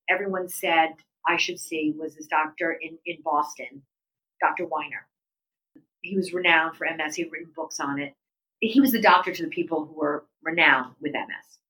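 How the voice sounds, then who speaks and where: Animated middle-aged woman with a bright voice. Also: sits low, low-quality recording. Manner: animated storyteller, voice leaps up when quoting people. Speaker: guest. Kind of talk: conversational interview storytelling.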